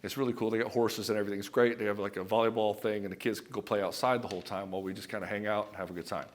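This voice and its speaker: A man's voice: lowish voice, fairly even intonation, very fast. Blunt, emphatic male relationship coach. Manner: blunt and emphatic, with casual profanity; addresses the viewer as brother. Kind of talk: direct-to-camera coaching talk.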